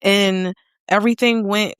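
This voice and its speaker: A young woman from Philadelphia, a guest on an interview, telling her story candidly and acting out her own past dialogue with lively energy. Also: mid-range voice, a little slow, clean tone, dry recording, clean studio sound. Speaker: guest, accountant and entrepreneur.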